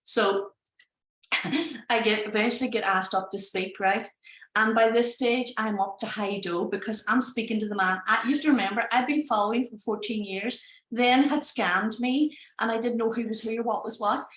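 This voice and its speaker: An Irish woman, a project founder, telling a story in casual, animated talk and acting out the people she quotes. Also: fairly high pitch, normal speed, reverberant, poor audio. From Ireland. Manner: animated, acts out voices in quotes.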